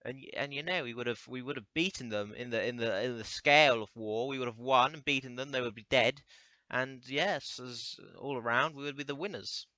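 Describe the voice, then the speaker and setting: A man's voice: medium pitch, a little fast, pushed and bright, no echo. A young man rambling through a crude comedic monologue, stammering and restarting often.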